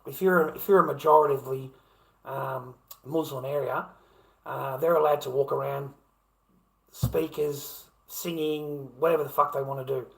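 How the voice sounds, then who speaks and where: A man's voice: mid-range voice, fairly even intonation, moderate pace, vocal fry, low-quality recording. A middle-aged Australian man chatting on a live stream, blunt and profane, often stammering and restarting his sentences. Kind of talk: casual live-stream chat.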